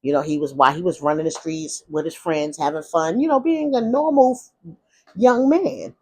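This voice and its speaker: A woman's voice: deep voice, normal speed, a little mellow, slightly rough. Woman vlogger confiding her life story; loose, frank, full of restarts. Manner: rambling and frank, with many restarts and asides. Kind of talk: candid casual storytelling.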